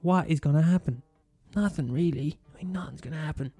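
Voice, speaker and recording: Young Irish male podcaster, sweary fast-talking ranter, slightly high voice, dry sound. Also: dark tone, husky, dry recording, soft background music. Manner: profane, ranting, fast and mumbly. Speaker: podcast host. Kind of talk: casual solo rant.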